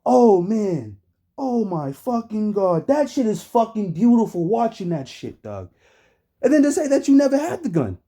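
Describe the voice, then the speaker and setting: A man's voice: high-pitched, moderate pace. A man streaming, giving profane casual commentary full of slang and frequent laughter. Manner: animated, swears constantly, laughs often, slangy. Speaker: streamer reacting to a trial.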